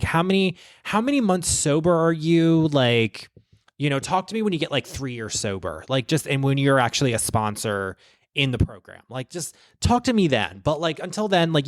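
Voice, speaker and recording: A man's voice: medium pitch, no room sound, studio quality. A man from Baltimore hosting a podcast, recapping reality TV in a gossipy, profane way. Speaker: podcast host. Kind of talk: casual chat. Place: small podcast studio.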